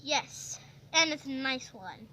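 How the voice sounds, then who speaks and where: A woman narrating a pretend-play video to her viewers, excitable and chatty. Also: high-pitched, takes it slowly, a little hiss or hum. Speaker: vlogger narrating toy play.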